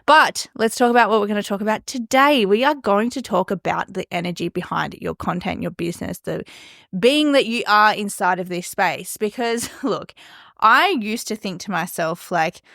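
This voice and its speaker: A woman's voice: medium pitch, moderate pace, creaky, fairly bright tone, no room sound, studio quality. A young woman hosting her solo podcast, talking casually and emphatically with lots of "like". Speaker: podcast host.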